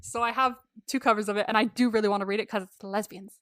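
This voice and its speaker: A woman's voice: mid-range voice, fairly even intonation, quick pace, fairly bright tone, dry recording, studio quality. A woman co-hosting a podcast, chatting and rambling as she recaps a film. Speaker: podcast co-host. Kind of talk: casual chat recapping a film.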